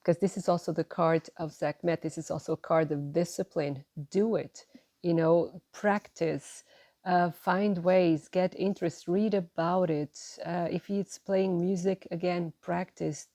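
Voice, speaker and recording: Low gravelly woman reading tarot. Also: no echo. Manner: gentle, encouraging, with frequent "right?" and "you know". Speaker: tarot reader. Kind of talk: spiritual tarot reading, addressing viewers.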